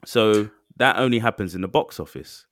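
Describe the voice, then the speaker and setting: Casual podcast co-host, low and lively, dry close sound. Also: male voice, normal speed, no echo. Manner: animated, excitable, acts out quotes. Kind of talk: casual chat.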